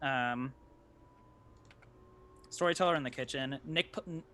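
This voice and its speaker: A man's voice: medium pitch, a little slow, a bit bright, slight background noise. A man chatting casually about a tabletop game session, rambling with lots of restarts and filler words.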